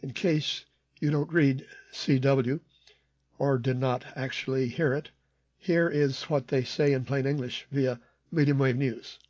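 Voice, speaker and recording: A man's voice: mid-range voice, fairly even intonation, a little slow, darkish tone, no room sound, muffled recording. A man hosting a radio program, reading news and frequency schedules in a dry, matter-of-fact way. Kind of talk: scripted shortwave news reading.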